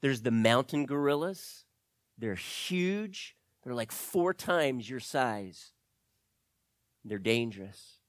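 A man's voice: mid-range voice, lively intonation, slow pace, dry recording, clean studio sound. A man voicing a worried, earnest boy on an expedition in a told story. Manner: earnest, confiding.

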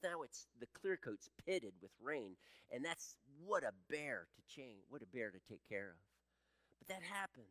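High-voiced man in his sixties preaching. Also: no echo, studio quality. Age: 60s. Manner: swings from loud emphatic peaks to hushed low passages. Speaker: pastor. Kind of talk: sermon.

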